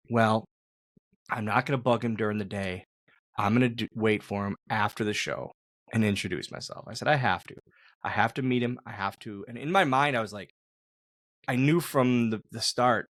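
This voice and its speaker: A man's voice: mid-range voice, no echo, studio quality. A man, a former wrestler hosting a podcast, telling a story in rambling casual chat, repeating words and swearing casually.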